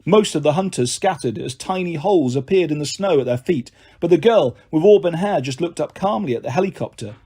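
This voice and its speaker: A man reading a first-person audiobook with expressive, dramatic delivery. His voice sits a little high and sounds husky. His pitch moves a great deal from line to line. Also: brisk, hardly any pauses. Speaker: audiobook narrator.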